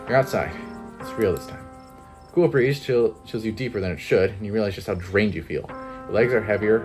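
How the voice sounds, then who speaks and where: A man with a sore throat reading a story game aloud for a video, pausing to joke about his own voice. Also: fairly low pitch. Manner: expressive reader who breaks off to joke and laugh. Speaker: gaming video creator.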